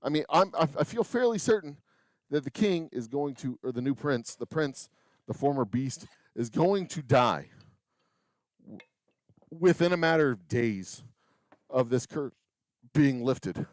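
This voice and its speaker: In a dry recording, a man with a medium-pitched, darkish voice talks expressively and unhurriedly, pausing often. He's a distiller and channel host live-streaming indoors from his small distillery's bottling room, working while he rambles sarcastically and quietly counts bottles.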